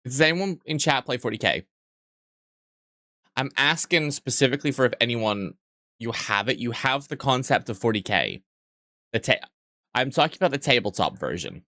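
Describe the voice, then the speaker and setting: A man's voice: medium pitch, big pitch swings, normal speed, pauses often, pushed and bright, no room sound, clean studio sound. A young man streaming live, joking crudely and rambling as he reads and answers his chat.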